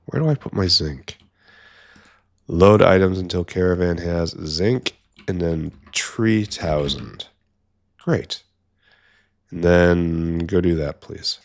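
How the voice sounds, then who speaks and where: A gameplay streamer with a deep voice and vocal fry talks through a long session at an unhurried pace, half to himself. His casual commentary carries dry, wry asides, with keyboard clicks and typing in the background.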